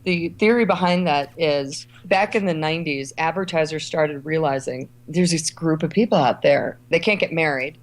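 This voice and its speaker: A woman's voice: low voice, moderate pace, few pauses. A middle-aged woman from Ohio and Kentucky, a travel writer, talking in a conversational interview and acting out the voices of people she quotes. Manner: animated storyteller, acts out quoted voices. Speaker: travel writer and editor, guest.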